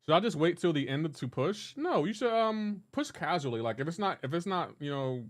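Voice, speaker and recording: Young male gamer-streamer, slightly high voice, playful trash-talking banter. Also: expressive, brisk. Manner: teasing, banter-heavy, breaks into laughter. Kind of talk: casual live-stream chat, reading chat aloud.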